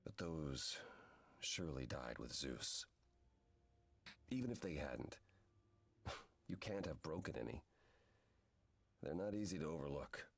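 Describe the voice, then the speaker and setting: An actor playing an ancient male being bound to fate, who talks in a calm, measured, grave way. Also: extremely low pitch, gravelly, slightly rough, exaggerated voice.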